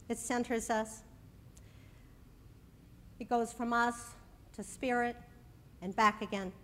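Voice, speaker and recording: A woman minister giving a sermon, then leading a slow, soothing guided breathing meditation at a church service. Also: fairly high pitch, long reverb tail.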